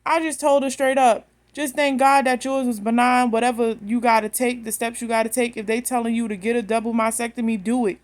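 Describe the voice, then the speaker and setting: A woman, telling a story bluntly and with animation straight to her phone camera. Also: on the high side. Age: 30s. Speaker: vlogger.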